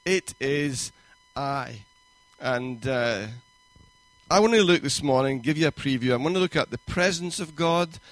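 The recording is dry: a male pastor at medium pitch delivering a sermon in a church. Warm, conversational pacing carries it, along with quoted asides and rising emphasis.

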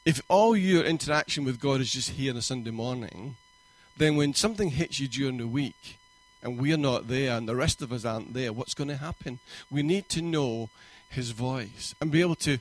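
This is a male pastor preaching in a church at medium pitch and a moderate pace. He keeps things warm and conversational, adding quoted asides and rising emphasis.

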